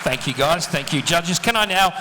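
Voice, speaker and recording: A man's voice: a little high, lively intonation, moderate pace, heavy background noise. A man hosting a live event as emcee on a handheld mic, chatty and joking with the performers and audience. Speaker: master of ceremonies. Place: large function hall with audience. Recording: long hall reverb, faint crowd.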